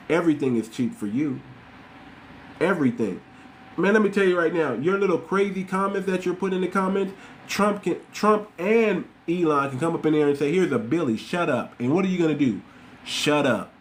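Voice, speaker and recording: A man with a voice on the high side hosts a podcast at a fairly quick pace, with a little hiss or hum in the audio. Speaking straight to his listeners, he gives a casual commentary monologue that is blunt and repetitive.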